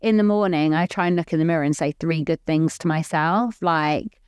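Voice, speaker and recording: Talking briskly in a low, darkish, clean voice, a woman co-hosting a podcast rambles in candid casual chat, open and earnest and saying "like" constantly. The studio sound is clean, with no room sound.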